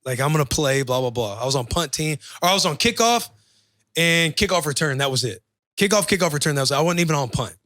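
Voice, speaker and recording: A young man, a football player, telling an animated, profane story in casual podcast chat and acting out the voices in it. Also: on the high side, fast, dry recording, studio quality.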